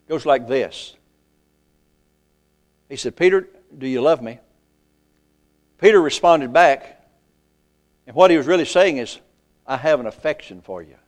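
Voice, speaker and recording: An older man with a voice on the high side preaches a sermon in a church. He is folksy, calls out to the congregation, and slows down when reciting scripture.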